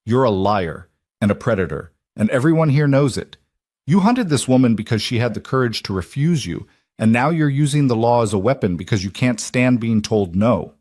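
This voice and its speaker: Brief: man voicing an angry protective rancher, raised and forceful, dry sound. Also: mid-range voice, lively intonation, moderate pace, dry recording, lightly acted. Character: protective rancher, hot-tempered, defiant.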